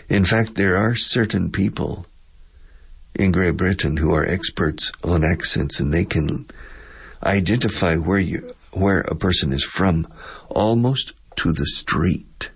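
A man teaches English pronunciation on the radio and often repeats words for his listeners. His voice is very deep, gravelly and husky.

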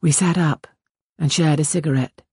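A woman narrating a novel in the first person, in a measured, intimate reading style. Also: low voice, fairly even intonation, warm tone, breathy edge, no echo, clean studio sound. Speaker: audiobook narrator. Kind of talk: scripted narration.

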